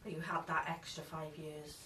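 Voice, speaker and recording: A woman's voice: deep voice, flat delivery, normal speed, pushed and bright, a little hiss or hum. A woman interviewer, giving short sympathetic replies and laughing along. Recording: voice from a distance off mic.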